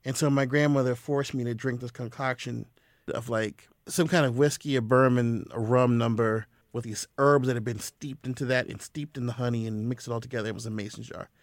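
Man, podcast guest, lively storyteller; dry close sound. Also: mid-range voice, brisk, no echo. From US South. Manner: animated storyteller. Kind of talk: casual podcast conversation.

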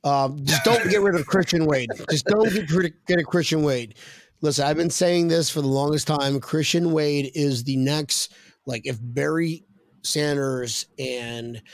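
An Australian man hosting a casual sports chat over a remote call, with a fairly high voice. He jokes around in excitable banter. The sound is dry and close, with no room sound. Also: no echo. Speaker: podcast host.

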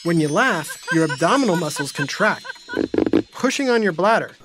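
Lively host explaining science to kids. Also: mid-range voice, moderate pace, over music. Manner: friendly, talks to the listener. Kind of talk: kids' educational explainer.

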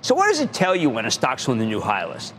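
A man's voice: mid-range voice, huge pitch swings, quick pace, fairly bright tone, a little hiss or hum. A middle-aged man hosting a finance TV show, talking in an emphatic, theatrical way with punchy delivery and sudden bursts of emphasis. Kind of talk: animated market commentary.

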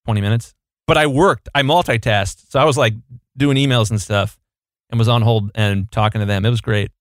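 A man's voice: medium pitch, a little fast, dry recording. Man, young adult, podcast co-host, playful storyteller, casual chat, dry close sound.

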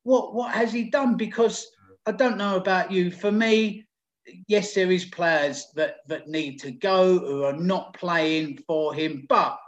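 A man's voice: high-pitched, measured pace, lo-fi sound. Chatty man in an echoey room. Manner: chatty, loose, lots of fillers. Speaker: podcast host. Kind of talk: casual football podcast chat.

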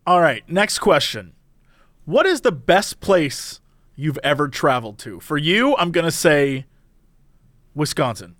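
Man, podcast co-host, high voice, lively, playful, teasing, dry sound. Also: a little slow, no room sound. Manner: playful, teasing, does loud mock voices. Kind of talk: casual chat.

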